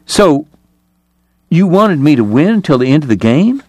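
A man voicing a restless young male army officer who asks sharp, incredulous questions. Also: a little high, big pitch swings, unhurried, no room sound, pitched above the performer's own voice.

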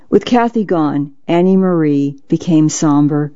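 A narrator reading a memoir in a gentle, measured, reassuring way. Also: mid-range voice, highs cut off. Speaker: audiobook narrator.

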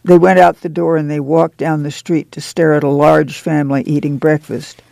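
Male narrator, measured storybook delivery, slightly high pitch with heavy fry. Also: little pitch movement, a little mellow, no room sound. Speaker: audiobook narrator. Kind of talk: scripted narration.

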